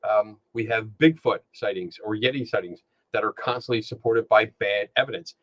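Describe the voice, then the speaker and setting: A man's voice: lowish voice, normal speed, fairly bright tone, no room sound. A man hosting a podcast, chatting casually with many fillers and restarts, with a Philadelphia accent. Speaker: podcast host. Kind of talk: casual chat. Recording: dull lo-fi sound.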